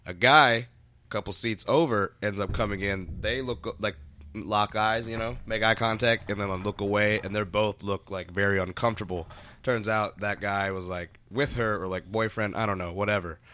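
A man with a lowish but bright, forward voice tells a long bar story in casual podcast chat. He rambles through "like" and "you know," restarts often and swears freely. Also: steady tone, moderate pace. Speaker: bartender and podcast co-host.

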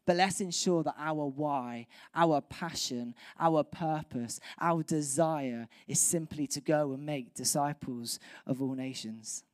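A woman pastor preaching a sermon, animated and acting out voices from the story. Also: deep voice, takes it slowly, few pauses, no room sound, studio quality. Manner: animated, acts out voices of biblical crowds.

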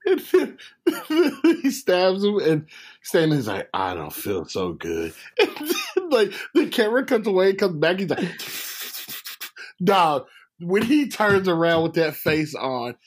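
A husky-voiced man in casual conversation. His pitch leaps all over as he laughs and quotes favorite scenes, very animated. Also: takes it slowly. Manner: laughs a lot, animated quoting. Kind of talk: casual chat.

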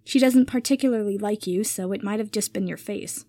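A woman reading a story aloud, voicing an aloof young man with a dry, measured delivery. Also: medium pitch, mellow, no echo, close to an everyday voice.

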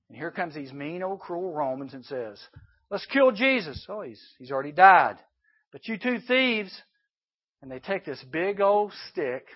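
A man preaching a sermon to youth campers, animated and emphatic, dropping suddenly to a hush. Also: high voice, dull audio. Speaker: youth camp speaker.

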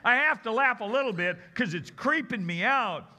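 Animated, bright-voiced male preacher. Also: very high-pitched, moderate pace. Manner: expressive, conversational, swings between loud and hushed. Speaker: guest preacher. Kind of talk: animated sermon storytelling.

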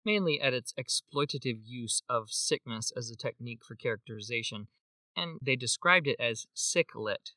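Animated man co-hosting a book chat. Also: mid-range voice, normal speed, dry recording, clean studio sound, recorded from a distance. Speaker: podcast co-host. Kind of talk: casual chat, reading reviews aloud.

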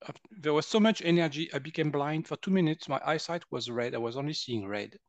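Animated French man telling stories. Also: fairly high pitch, brisk, dry recording. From France. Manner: animated, acts out quotes, laughs often. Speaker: guest, energy healer. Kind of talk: personal storytelling in conversation.

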